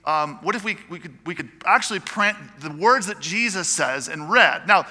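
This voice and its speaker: Male pastor, high and very bright tone, chatty joking sermon, long church reverb. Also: expressive, normal speed. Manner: chatty, with joking asides to the congregation. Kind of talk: conversational sermon.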